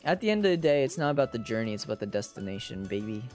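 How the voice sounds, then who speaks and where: Excitable streamer with a lively voice. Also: mid-range voice, very fast, soft background music. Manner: excitable, joking, talks to the game. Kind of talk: casual gameplay commentary.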